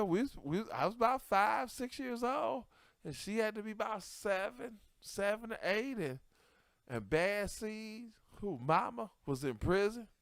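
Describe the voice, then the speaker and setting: A man telling a comic story from his childhood, animated and profane, laughing through it and swinging between loud bursts and hushed asides. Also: sits high, no room sound. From Detroit area. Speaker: comedian podcast host.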